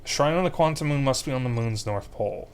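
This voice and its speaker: A young man talks through a game as he plays, thinking aloud as he recaps the story and plans his next steps. His voice sits at a middle pitch, with a casual streamer's delivery. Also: lively intonation, quick pace, clear, resonant tone. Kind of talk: gameplay commentary.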